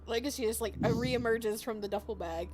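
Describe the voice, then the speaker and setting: A woman's voice: on the high side, moderate pace, darkish tone. A woman playing a tabletop game, casual and bubbly, often laughing. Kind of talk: casual in-character play.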